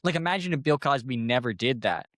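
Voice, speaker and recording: Rambling deadpan comedian, dry sound. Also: male voice, medium pitch, fast, no echo. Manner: rambling, acts out quoted voices; deadpan jokes. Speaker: comedian podcast co-host. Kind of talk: casual comedic banter.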